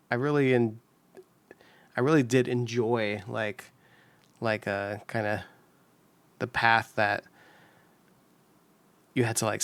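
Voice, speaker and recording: A man hosts his puzzle channel, chatting upbeat and casually while he solves, full of fillers and restarts. His mid-range voice is gravelly, and the recording is dry.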